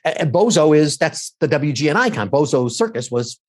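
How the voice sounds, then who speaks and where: A middle-aged man, a TV political commentator, telling stories quickly in a casual interview and acting out quoted lines. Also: fairly high pitch. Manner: quick, animated storytelling with acted-out quotes.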